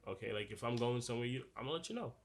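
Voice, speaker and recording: A man's voice: mid-range voice, animated, very fast, slight background noise. A young man with a noticeable accent co-hosting a podcast, talking earnestly and loosely with lots of "like" and restarts. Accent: noticeable non-standard accent. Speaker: podcast co-host. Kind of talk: casual podcast discussion.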